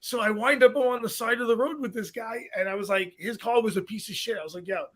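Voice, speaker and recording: Brooklyn guy, high bright voice, podcast co-host, animated storyteller. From Brooklyn, New York. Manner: animated, swearing, quick storytelling. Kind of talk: casual chat, storytelling.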